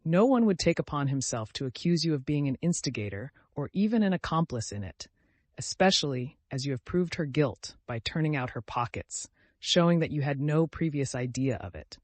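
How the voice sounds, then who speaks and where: A man voicing a pompous, self-righteous gentleman who speaks formally and condescendingly. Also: fairly high pitch, lively intonation, normal speed, no room sound.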